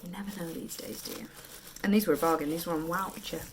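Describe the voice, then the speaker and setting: Tired, gravelly British mum vlogging. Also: female voice, fairly low pitch, fairly even intonation, fast, slight background noise. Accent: British English. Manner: chatty, drifting into quiet whispered asides. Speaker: vlogger and mother. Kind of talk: casual vlog chat.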